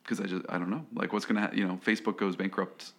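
A man with a low, deep voice gives casual advice on a podcast. He talks in stops and starts and leans on "you know" and "right?" as he works through his point. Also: steady tone, vocal fry, a bit bright. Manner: halting, heavy on fillers like "you know" and "right?".

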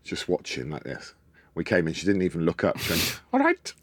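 A man's voice: low voice, fairly quick, no room sound. A man from Wales, telling stories as a guest in a casual chat and acting out the people in them. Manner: animated raconteur who acts out voices.

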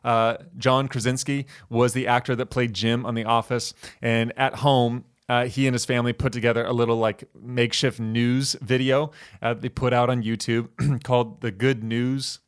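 A man's voice: mid-range voice, flat delivery, moderate pace, hardly any pauses, smooth. A man speaking casually to a church audience, chatty and good-humored, often saying "you guys".

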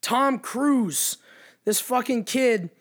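A man telling a bar story in a casual chat, profane, animated and emphatic. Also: extremely high pitch, extremely slow.

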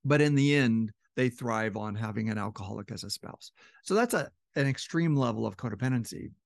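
Man with a gravelly, dry-sounding voice. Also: mid-range voice, lively intonation, fairly quick, dry recording. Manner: conversational, acts out quoted couples with shifting voice. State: slightly strained voice. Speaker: relationship educator. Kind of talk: casual explanatory talk.

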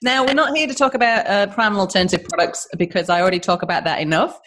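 A woman's voice: medium pitch, steady tone, fast talker, a bit bright, slight background noise. A woman hosting a podcast in a casual, chatty, upbeat way, with plenty of fillers. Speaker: podcast host.

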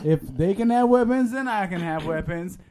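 A man's voice: sits high, animated, normal speed, dark tone. A man in a casual group chat, talking in a heated, profane and emphatic way.

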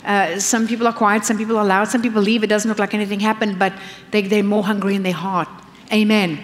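A middle-aged woman pastor preaching a sermon, animated and acting out the voices she quotes. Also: medium pitch, fast talker, long reverb tail.

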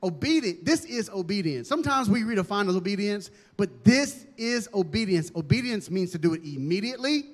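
High-voiced animated preaching man. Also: moderate pace, in a large hall. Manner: animated, humorous, dramatic preaching. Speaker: pastor. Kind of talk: sermon.

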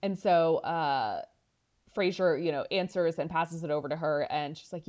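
Woman recapping an episode, lo-fi. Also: sits low. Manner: animated storyteller, quick asides and quoted lines. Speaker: podcast co-host. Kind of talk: casual chat, retelling an episode.

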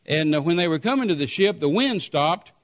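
High-voiced emphatic male preacher. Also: a little fast. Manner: emphatic, repetitive, animated storytelling. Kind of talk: sermon.

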